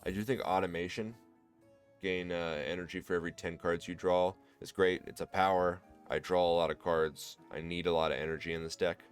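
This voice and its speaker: Low-voiced Midwestern man narrating a card game. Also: fairly even intonation, brisk, clean tone, faint music behind. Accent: American Midwest. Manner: thinks aloud, explains card choices to viewers. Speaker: gameplay commentator. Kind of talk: relaxed let's-play commentary.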